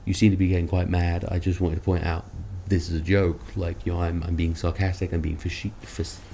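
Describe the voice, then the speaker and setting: A man's voice: low voice, level tone, fairly quick, creaky, dark tone, a little hiss or hum. A man who makes online videos, ranting about other creators in a sarcastic, rambling, self-mocking way. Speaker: content creator. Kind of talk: ranting commentary vlog.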